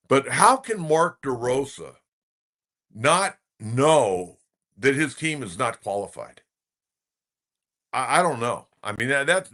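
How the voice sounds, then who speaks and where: A man's voice: mid-range voice, bright, forceful tone. An older man hosting a sports talk show, chatting and telling stories in an opinionated way, with frequent fillers. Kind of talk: casual sports talk commentary.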